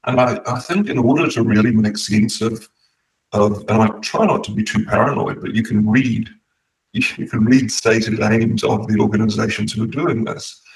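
A man with a low voice hosts a casual discussion and speaks in a measured, reflective way. He sounds a little distant from the microphone.

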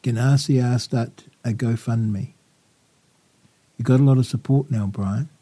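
A man's voice: medium pitch, a little slow, slightly rough. A man hosting a talk radio interview, effusive and full of praise for his guest. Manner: warm, effusive. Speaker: radio host.

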